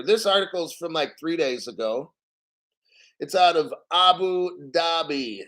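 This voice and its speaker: A man's voice: on the high side, lively intonation, unhurried, sharp tone. Rambling conspiratorial man hosting a crypto stream. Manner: rambling, conspiratorial, reads chat comments aloud. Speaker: crypto channel host. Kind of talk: casual livestream commentary.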